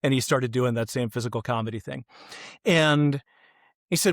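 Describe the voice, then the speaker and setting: A middle-aged man on a podcast, telling stories in an animated way and acting out the voices of the people in them. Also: medium pitch, normal speed, dry recording, clean studio sound. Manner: animated, acts out quoted voices. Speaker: kids ministry guest. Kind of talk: podcast interview storytelling.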